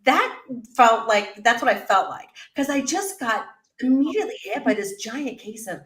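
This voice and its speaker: A middle-aged woman, a business coach guest in an interview, telling her story in an animated way and acting out her own past remarks. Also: on the high side, moderate pace, echoey room. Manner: animated storyteller, quotes herself in lively voices. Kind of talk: conversational interview.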